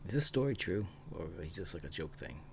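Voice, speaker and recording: A man's voice: deep voice, very animated, a little fast, creaky, fairly bright tone, a little hiss or hum. A man making laid-back, sleepy comments while reacting to a video.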